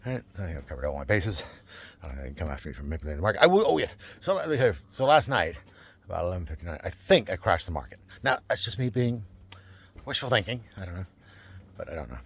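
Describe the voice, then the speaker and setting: Casting note: man, low husky voice, excitable rambler, talks in loose restarts for a video diary. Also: fast. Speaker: vlogger running a campaign. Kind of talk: casual rambling monologue.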